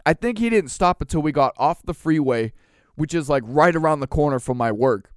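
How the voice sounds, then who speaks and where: A man's voice: fairly high pitch, lively intonation, a little fast, smooth, no echo, clean studio sound. A male podcast host telling a profane, ranting story in casual chat.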